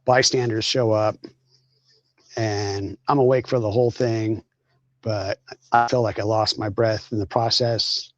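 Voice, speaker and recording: A man's voice: lowish voice, unhurried, no room sound. Man telling his story over a dull call. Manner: steady, matter-of-fact retelling with small restarts. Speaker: guest, crash survivor. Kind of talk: casual storytelling on a live stream. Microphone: video call from a hospital bed.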